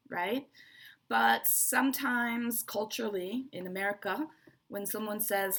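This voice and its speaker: Teaching an online class on English presentation skills, a woman breaks things down step by step, goes back over key points, and keeps checking in with "right?" and "okay." Her voice is medium-pitched and a bit bright, and she speaks a little slowly.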